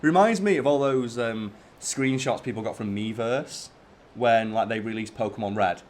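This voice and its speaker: A man, hosting a casual let's-play, fast, profane and joking. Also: fairly low pitch, steady tone. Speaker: host.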